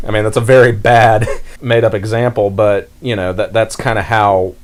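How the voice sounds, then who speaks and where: Lower-voiced young man chatting casually. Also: fairly quick. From North Carolina, US. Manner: rambling, talks with many fillers and restarts. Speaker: podcast host. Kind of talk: casual podcast chat.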